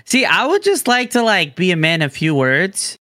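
Rich: A man talks in a relaxed chat, his pitch bouncing all over the place. He teases his friend and keeps breaking into laughter. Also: normal speed, no room sound, clean studio sound. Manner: animated, laughs often, teasing. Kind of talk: casual chat.

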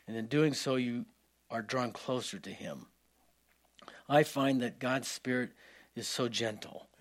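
A male pastor preaching a sermon in an earnest voice that swings from emphatic lines to soft, hushed ones. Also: medium pitch.

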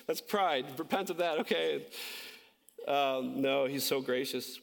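A man preaching a sermon as pastor, impassioned and conversational, climbing high and slowing down on key phrases, with self-correcting asides. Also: creaky, fairly bright tone.

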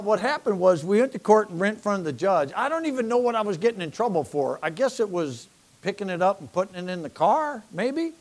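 An older man preaching a sermon with folksy storytelling, acting out the people he quotes. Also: high-pitched. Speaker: pastor.

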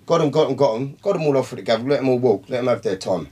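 A man's voice: medium pitch, animated, racing, dark tone, husky. A man, telling a long, profane story in casual talk, rambling and calling his listeners by name. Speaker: podcast guest.

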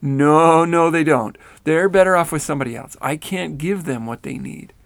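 A distraught woman in a spoken story pleads and protests, loud and a touch higher than the teller's usual voice, as a man reads her lines. The voice stays gravelly with fry underneath, at a middle pitch for a man. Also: fairly even intonation, normal speed, no room sound. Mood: protesting. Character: woman refusing to return to her body.

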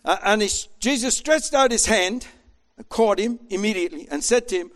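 A man preaching a sermon with an animated manner, acting out voices as he tells the story. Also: high voice, moderate pace. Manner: animated, acts out voices in quotes.

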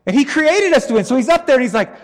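A man preaching a sermon in an animated, joking, conversational way. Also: extremely high pitch, fast, big-room sound.

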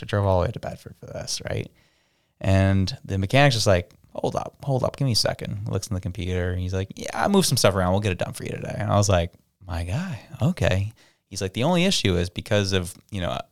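Speaking at a quick pace, this Canadian podcast co-host has a deep, smooth voice edged with gravel. In a laid-back chat, he spins stories and voices the characters in them, all captured in a close, dry recording.

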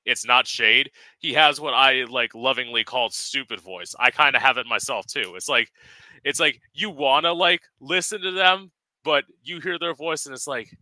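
A man's voice: mid-range voice, moderate pace, bright, forceful tone, no echo, low-quality recording. A man hosting a casual interview, playful and teasing, swearing freely. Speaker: podcast host.

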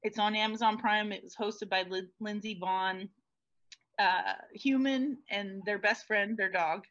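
A woman who works in television, a podcast guest in bright, chatty casual talk. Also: medium pitch, steady tone, measured pace. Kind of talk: casual chat. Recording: dry, dull lo-fi sound.

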